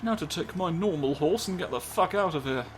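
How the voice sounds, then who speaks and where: Guy doing goofy sweary let's play commentary, kinda high voice, loud game music behind. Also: expressive, fairly quick. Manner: absurd, rambling, swears, sudden silly voices. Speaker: gameplay commentator.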